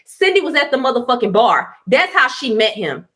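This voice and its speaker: A woman on a live stream in full combative rant mode, swearing and mocking without letting up. Her voice sits on the high side. She swings into loud bursts of scorn. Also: very animated, brisk.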